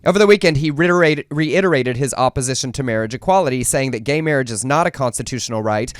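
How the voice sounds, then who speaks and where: A man's voice: mid-range voice, fast, hardly any pauses, dry recording, clean studio sound. A man co-hosting a casual news chat show, reading out stories with sarcastic asides. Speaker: talk show co-host.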